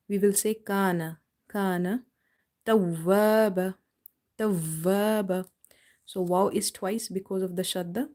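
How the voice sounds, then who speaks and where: Woman, recitation teacher on a live class; mellow, warm tone, patient explainer who stretches words slowly to demonstrate. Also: mid-range voice. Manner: explains patiently, then slowly drawls out words to model pronunciation. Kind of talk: live online tajweed lesson. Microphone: live stream mic.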